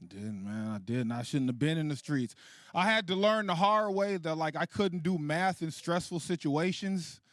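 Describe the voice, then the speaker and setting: A man in his late thirties doing a stand-up comedy set, animated and profane, laughing at his own jokes. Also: a little high, moderate pace, no echo. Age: 30s. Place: comedy stage.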